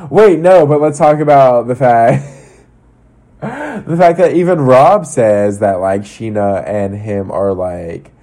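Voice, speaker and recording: Male podcast host, casual gossipy chat. Mellow voice, heavy swearing. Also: expressive, slow pace. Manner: gossipy, swears a lot, acts out cast members in high voices.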